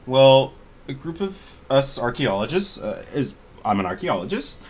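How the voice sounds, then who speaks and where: A man voicing a wealthy, oddly energetic young woman archaeologist in a tabletop game, talking bluntly and brightly. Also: medium pitch, slightly rough. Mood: chipper. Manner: bubbly, blunt, fast-talking.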